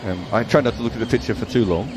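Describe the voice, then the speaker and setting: Fast-talking joking cricket pundit, man. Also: lowish voice, noisy background. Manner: quick, joking, playfully opinionated. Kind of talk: expert co-commentary.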